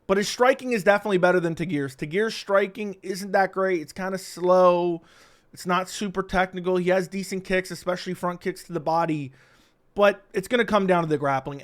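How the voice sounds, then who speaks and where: A young man with a fairly high-pitched voice hosts his own channel. He talks in casual solo commentary, blunt and opinionated, tossing in quick asides as he calls each matchup. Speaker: MMA predictions host.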